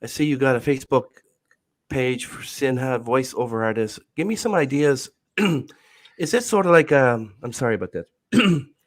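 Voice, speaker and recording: This is a male podcast host asking questions in a halting, apologetic way, stopping to restart his sentences. He is getting over bronchitis and often clears his throat. His voice sits at a middle pitch. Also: expressive. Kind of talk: casual interview questions.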